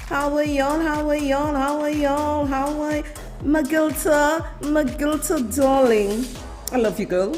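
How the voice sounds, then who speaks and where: A woman hosts a live stream and greets her viewers one after another, calling them darling and baby. Her voice sits high and her delivery is slow and unhurried. Her drawn-out hellos are lively and affectionate, and faint music plays behind her. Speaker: host of a live online show.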